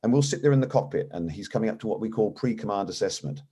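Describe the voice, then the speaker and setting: This middle-aged airline captain has a lowish, husky voice and a quick pace. Interviewed about his story, he narrates with animation and acts out what others said in their own voices.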